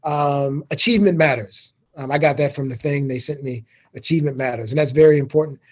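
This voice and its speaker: Middle-aged man from Chicago, slightly high and husky, speaking as a college president in a relaxed, jokey keynote over a video call. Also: brisk. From Chicago, Illinois. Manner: informal and joking, self-deprecating asides. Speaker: university president giving a keynote. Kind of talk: casual keynote talk.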